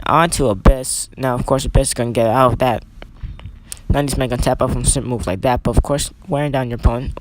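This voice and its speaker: A man's voice: medium pitch, no echo. A young man doing casual play-by-play commentary over a wrestling video game, rambling and correcting himself with chatty asides.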